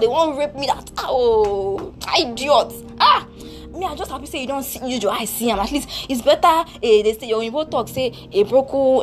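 A woman plays a cheeky younger sister speaking in Nigerian Pidgin, brisk and teasing as she scolds and comforts her sibling. Her voice sits lower than the older sister's but is still high, with faint music behind. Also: close to an everyday voice. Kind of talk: homemade audio drama.

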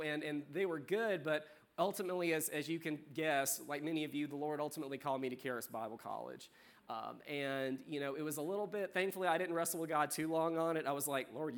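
A young man from South Carolina with a faint Southern accent, a worship leader preaching a sermon in a church in a chatty, joking way. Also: fairly high pitch. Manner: warm, chatty, joking with the congregation. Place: church sanctuary.

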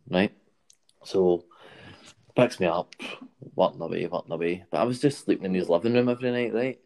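Deep-voiced Scottish man spinning a yarn. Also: fairly even intonation, brisk, vocal fry, a little mellow. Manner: rambling anecdotal delivery with frequent "right?" and laughs. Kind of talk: casual storytelling chat.

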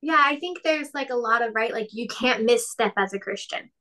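A woman's voice: a little high, moderate pace, sharp tone. A woman in her thirties co-hosting a casual faith podcast, chatty, laughing often and acting out quotes. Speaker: podcast co-host.

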